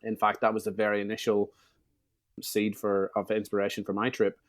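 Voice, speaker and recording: Fast-talking man. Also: fairly low pitch, completely flat delivery. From Northern Ireland. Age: 30s. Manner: quick, chatty, full of fillers and restarts. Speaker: guest. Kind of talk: casual storytelling interview.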